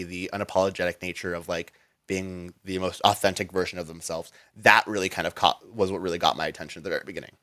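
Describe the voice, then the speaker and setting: Low-voiced man rambling through a story. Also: fairly bright tone, dry recording. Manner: rambling, full of "like" and restarts. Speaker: interview guest. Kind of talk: casual storytelling in an interview.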